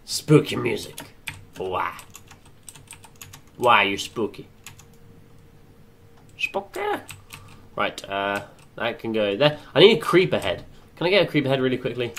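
A young man doing excitable let's play commentary, chattering to himself and swearing often. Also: mid-range voice, moderate pace, pauses often, a little hiss or hum. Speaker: gaming channel host.

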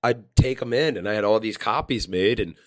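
Chatting casually on his podcast, a host from around Philadelphia recounts stories and voices the quotes in shifting characters. He talks a touch quickly, with a fairly low pitch.

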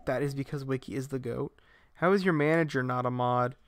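A young man streaming a game live, giving excitable commentary full of profane trash talk. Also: medium pitch, a little fast, dry recording, clean studio sound.

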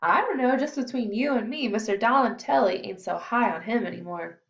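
A woman's voice: fairly high pitch, brisk, creaky, dull audio. A woman voicing a friendly, chatty teenage boy who works as an assistant trainer.

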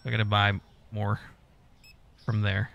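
A man's voice: lowish voice, monotone, unhurried, creaky, muffled recording, noisy background. A man giving casual, profane gameplay commentary, mock-scolding customers and staff as he plays. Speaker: gaming YouTuber.

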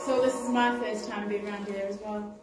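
A woman's voice: medium pitch, fairly even intonation, fairly quick. Plain-spoken woman, heavy echo. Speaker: ghost hunt participant. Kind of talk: casual chat. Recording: heavy echo, loud music behind.

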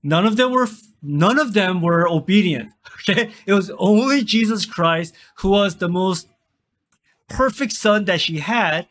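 High-voiced man preaching a sermon. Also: expressive, measured pace, fairly bright tone. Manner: conversational, asks the congregation questions and answers them. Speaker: pastor.

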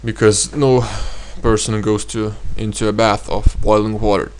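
A man teaching a vocabulary lesson, explaining with many pauses and saying each word twice. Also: lowish voice, level tone, slight background noise. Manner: explains slowly, repeats words twice, many hesitations. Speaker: language teacher.

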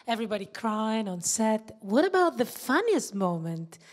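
A woman journalist puts a question to the panel at a press conference. Her voice sits fairly high and moves lively up and down, and she sounds cheerful and direct. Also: normal speed.

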